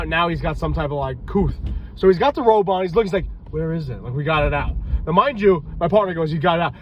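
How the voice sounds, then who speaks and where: A man spins loose, rambling stories in a casual vlog, his voice sitting high for a man. He sounds tired and loopy and swears freely as he goes. Faint street noise hums behind him outdoors. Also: rough recording. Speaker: reptile breeder and police officer telling stories.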